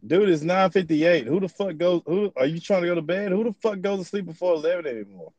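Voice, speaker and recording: A man's voice: high voice, expressive, quick pace, darkish tone, no room sound, highs cut off. A young man hosting a podcast in casual chat, loose and profane, rambling through his stories. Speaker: podcast host.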